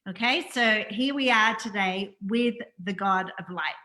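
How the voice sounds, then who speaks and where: In a medium-pitched, bright, forceful voice, a woman hosting a spiritual interview reads her scripted intro without hurrying. She's earnest and affirming, and she tends to repeat her phrases.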